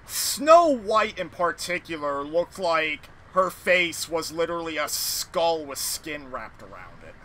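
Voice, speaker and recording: A man hosting a casual gaming podcast, talking through an animated, rambling rant with some swearing. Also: fairly high pitch, slow, few pauses, a little hiss or hum. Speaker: podcast host playing a video game.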